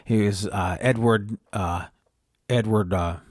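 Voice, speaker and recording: A man's voice: on the low side, takes it slowly, a little mellow, no room sound, studio quality. A man hosting a podcast, rambling through a made-up story and often correcting himself. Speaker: podcast host.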